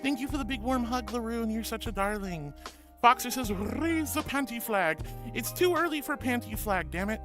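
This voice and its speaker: A woman streamer greets her chat one by one in a sweet, bubbly, self-deprecating way. Her voice sits high and sounds a bit stuffy and short of breath from allergies. Music plays clearly underneath her talk. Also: animated, normal speed. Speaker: VTuber streamer. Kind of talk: casual chat with viewers. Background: background music.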